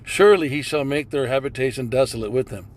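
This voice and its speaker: A man's voice: mid-range voice, fast, heavy background noise. A man giving profane religious commentary over video clips, reading scripture and repeating phrases like a preacher.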